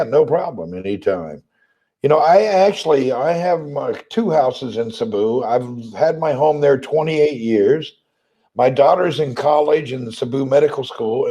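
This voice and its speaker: Southern American man host, slightly hoarse, easygoing livestream chat, mid-range voice. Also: medium pitch, warm tone. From Tennessee, USA. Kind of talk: casual live chat reading comments.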